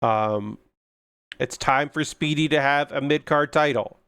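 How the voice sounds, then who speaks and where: A man's voice: on the high side, unhurried, fairly bright tone, smooth, no echo, clean studio sound. A young man chatting casually on a livestream while building a model kit, ranting with frequent swearing and filler words. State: yawning.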